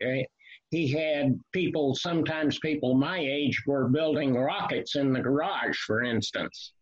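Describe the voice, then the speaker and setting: A man in his seventies, with a voice a little higher than most men's, talks through his memories in a measured way, pausing often on "uh". The recording sounds dull and lo-fi. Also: breathy edge. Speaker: author guest. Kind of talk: casual interview chat. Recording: lo-fi, muffled sound.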